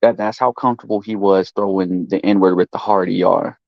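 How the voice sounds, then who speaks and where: A man's voice: sits low, a little fast, creaky, no room sound, muffled recording. A man ranting casually to his live chat, swearing constantly and restarting his sentences as he goes. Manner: profane, rambling, animated rant with frequent restarts. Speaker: streamer.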